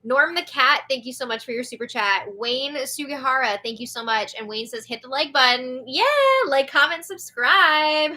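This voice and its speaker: A young woman hosts a live chat show, reading out viewer messages in a chatty, giggly way full of little fillers. Her voice is bright and sits a bit high, and her throat is sore. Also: steady tone, a little fast, few pauses. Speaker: show host.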